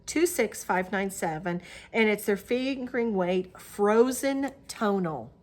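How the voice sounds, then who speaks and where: A woman's voice: medium pitch, lively intonation, takes it slowly. Chatty woman hosting a crafting vlog. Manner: chatty, rambling, with many fillers and restarts. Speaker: Flosstube host. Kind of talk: casual show-and-tell vlog.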